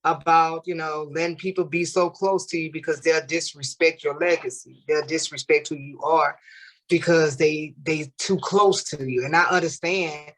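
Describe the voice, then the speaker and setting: A woman's voice: low voice, steady tone, moderate pace. A woman in her forties, hosting an interview and talking frankly in a casual, candid way. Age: 40s. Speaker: interview host.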